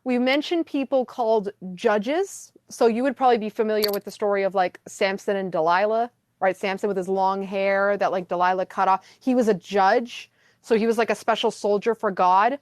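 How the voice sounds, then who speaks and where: A woman's voice: medium pitch, steady tone, normal speed, no room sound. A woman guest in a casual conversation, talking chattily with many fillers and questions. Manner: chatty, lots of "like" and "um".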